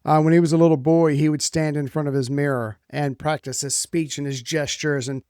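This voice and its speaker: A man's voice: on the high side, fairly even intonation, brisk, a little mellow, smooth, no echo, clean studio sound. A man co-hosting a history podcast, making wry, jokey asides in casual banter. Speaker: podcast co-host.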